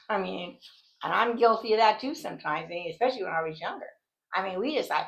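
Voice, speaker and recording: A woman's voice: mid-range voice, a little fast, creaky, muffled recording, noisy background. A woman teaching a Bible study in an earnest, indignant, conversational way, rambling and restarting her sentences as she goes. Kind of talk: conversational devotional talk.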